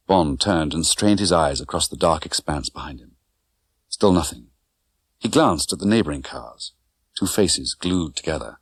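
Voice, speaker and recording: Male audiobook reader, lowish voice, very animated, dry studio sound. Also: dry recording. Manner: expressive, dramatic reading. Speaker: audiobook narrator. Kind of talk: scripted narration. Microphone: close studio mic.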